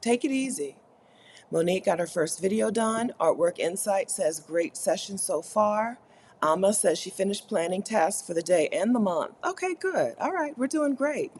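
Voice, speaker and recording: Hosting a live co-working stream from the Caribbean, a woman reads chat messages aloud and banters playfully, laughing often and making mock complaints. Her voice is medium-pitched, expressive and husky with a darkish tone, at a normal speed.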